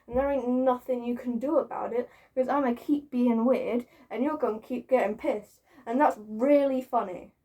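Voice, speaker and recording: A woman's voice: fairly high pitch, fairly even intonation, moderate pace, hardly any pauses, dark tone. Giggly, foul-mouthed woman ranting. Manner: swears freely; giggly and self-mocking. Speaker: vlogger. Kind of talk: casual rant to camera.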